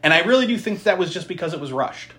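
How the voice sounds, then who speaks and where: A podcast co-host in loose, casual chat who walks through a film scene by scene. The voice sits in an ordinary middle pitch, broken up by frequent laughs, blunt swearing and dry, sarcastic asides. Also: expressive, fast talker, a bit bright, slight background noise.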